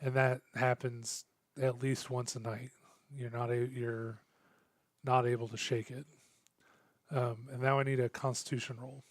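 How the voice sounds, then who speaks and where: Flat-voiced male game master, halting. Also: medium pitch, no room sound, clean studio sound. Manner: halting, many fillers and restarts. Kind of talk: narrating a tabletop game.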